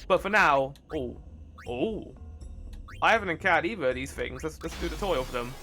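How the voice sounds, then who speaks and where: A chatty man with a bright, forward voice talks his way through a game, reacting and musing aloud. He sits a little higher than most men in pitch, with soft game music behind him. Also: fairly quick. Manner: chatty, excitable, thinks aloud. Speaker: let's play host. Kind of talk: casual gameplay commentary.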